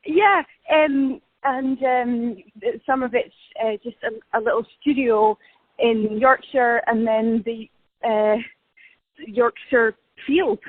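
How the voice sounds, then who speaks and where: A Scottish woman with a high, breathy voice chats and laughs through a casual interview, self-deprecating and warm in her delivery. The sound is thin and tinny, squeezed through a phone line, and close and dry. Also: fairly even intonation, takes it slowly, no echo. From Scotland. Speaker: actress being interviewed. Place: walking outdoors on a street.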